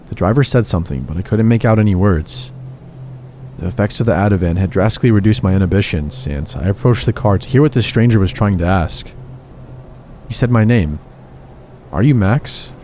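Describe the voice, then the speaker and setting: A man calmly telling horror stories in steady scripted narration. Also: on the low side, slight background noise. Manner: calm, steady storytelling. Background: faint background music.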